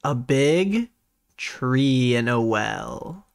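Young man, playful, laughs a lot, streamer host, casual chat, mid pitch. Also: expressive, extremely slow, gravelly. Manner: laughing, playful, gives shout-outs.

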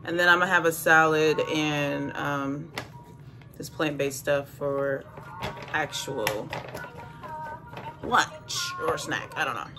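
Low-voiced woman chatting through a tired home vlog. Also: slow, pauses often, music in the background. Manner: chatty, loose, lots of "like" and laughs. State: tired, drained. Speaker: vlogger, single mom working from home. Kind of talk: casual vlog chat to camera. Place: home kitchen. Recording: noisy home ambience.

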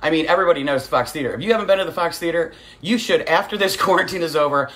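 A woman's voice: deep voice, rapid-fire, a bit bright. A woman hosting a casual livestreamed cooking demo from her home kitchen, telling stories and greeting viewers by name. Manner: chatty storyteller, greets viewers by name, calls audience kids. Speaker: cooking show host.

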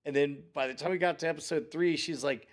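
Man, forties, slightly high voice, rambling casual chat, animated storytelling. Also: fast talker. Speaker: podcast co-host.

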